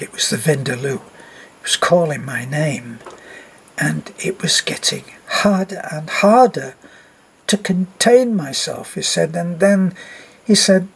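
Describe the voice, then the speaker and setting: A man's voice: on the high side, slightly rough. An older man vlogging about expat life, casually retelling a friend's embarrassing story with lots of quoted speech and wry humor.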